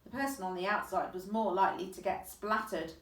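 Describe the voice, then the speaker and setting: A woman voicing a kindly, old-fashioned elderly male tramp with gentlemanly courtesy in a read-aloud story. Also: medium pitch, fairly quick, natural voice. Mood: gallant. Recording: echoey room, distant mic.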